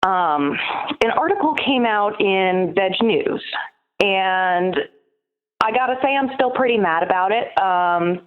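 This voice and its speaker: A woman's voice: medium pitch, expressive, slow pace. A woman guest on a podcast, venting in a heated, profane way about her workplace. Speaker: podcast guest, union organizer. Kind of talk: casual interview chat. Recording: tinny phone-like remote line.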